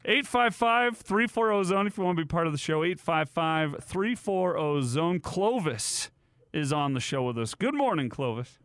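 A chatty man hosts a sports talk radio show, laughing easily between calls. His voice sits a bit high and sounds dry and close. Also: lively intonation, moderate pace, a bit bright, clear, resonant tone, dry recording. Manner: chatty, laughs often, reads phone number.

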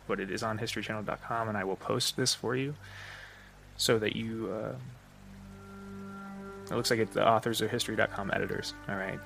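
A man's voice: fairly low pitch, vocal fry, a bit bright. A man hosting a solo podcast, thinking aloud with fillers and restarts, his breath slightly shaky and short. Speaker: podcast host. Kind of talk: unscripted solo podcast talk.

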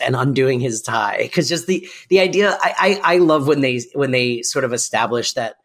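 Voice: mid-range voice, moderate pace, hardly any pauses. A podcast co-host in casual recap chat, quoting scenes playfully.

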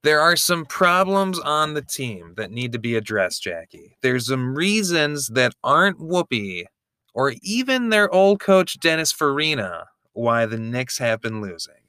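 A man's voice: medium pitch, big pitch swings, a little slow, pushed and bright, clear, resonant tone, dry recording, studio quality. A man co-hosting a podcast, chatting casually and playfully about a movie, joking and dropping into silly voices. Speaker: podcast co-host. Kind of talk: casual movie-recap chat.

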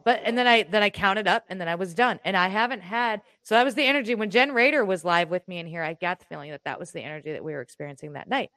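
A woman chatting casually as a co-host at home, telling a personal story in an animated, rambling way with restarts and the odd swear word. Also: mid-range voice, fast, hardly any pauses, dry recording. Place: room in her home.

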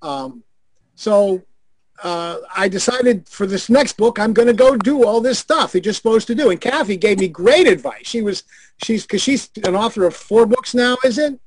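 An older man, a guest on a video call, telling animated, profane stories and acting out the voices of the people he quotes. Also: high voice, moderate pace, husky, no echo. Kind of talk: anecdotal storytelling.

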